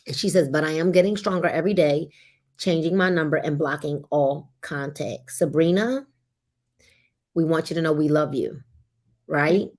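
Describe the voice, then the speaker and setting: A woman's voice: deep voice, moderate pace. A woman hosting a live book club show, talking casually and slipping into an encouraging, preacher-like cadence. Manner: warm encouraging preacher cadence, sings briefly. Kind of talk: casual faith-filled talk, preaching at times.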